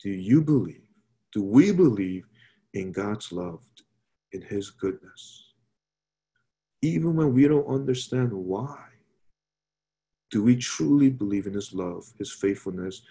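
A man's voice: medium pitch, dark tone. A man preaching a sermon in an earnest way, asking rhetorical questions and repeating phrases.

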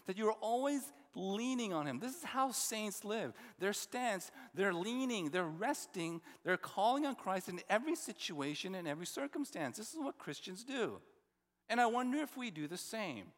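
A man's voice: high-pitched, fairly bright tone. A man from New Jersey preaching a sermon as pastor, in a conversational style with personal stories and rhetorical questions. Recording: long reverb of a large hall.

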